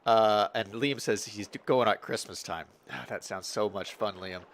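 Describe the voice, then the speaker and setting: A man's voice: fairly low pitch, normal speed. A young man casually commenting on his city-building game and reading chat messages during a live stream. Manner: chatty, upbeat, reads out chat messages.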